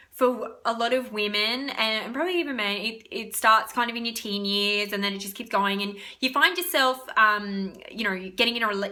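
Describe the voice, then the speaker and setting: Chatty, bright-voiced woman. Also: mid-range voice. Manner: chatty and rambling, swears freely, many fillers. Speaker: spiritual wellness vlogger. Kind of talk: casual self-help talk.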